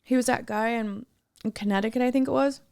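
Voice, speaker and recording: A woman with a raised pitch and a gravelly fry, telling stories in loose podcast chat. She rambles, trips over her words and swears freely. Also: steady tone, quick pace, a little mellow. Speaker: podcast co-host. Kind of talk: casual chat.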